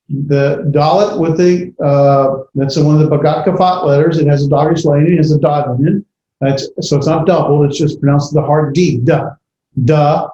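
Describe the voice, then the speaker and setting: A man lecturing a class on grammar, pausing often with fillers and correcting himself. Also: a little high, warm tone, a little hiss or hum. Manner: halting, many fillers and self-corrections. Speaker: Bible language teacher. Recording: echoey classroom, dull lo-fi audio.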